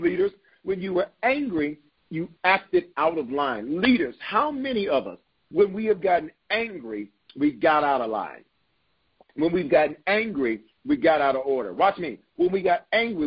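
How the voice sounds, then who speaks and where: A man's voice: fairly high pitch, husky, lo-fi sound. A man preaching a sermon as bishop, reading scripture aloud and repeating phrases for emphasis with call-and-response.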